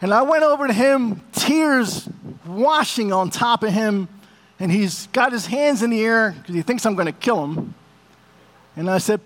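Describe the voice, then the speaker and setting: High-voiced man preaching a heartfelt sermon. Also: expressive, unhurried. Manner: emotional storytelling, addresses congregation as family. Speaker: pastor.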